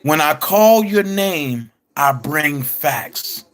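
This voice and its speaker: A man hosting an online commentary show, speaking in a casual, emphatic way with drawn-out phrases. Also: on the high side, lively intonation. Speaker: commentary channel host.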